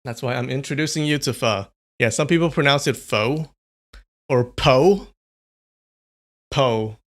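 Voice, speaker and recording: A man's voice: medium pitch, fast talker, fairly bright tone. A young man chatting casually on a live stream, rambling and answering viewers' comments.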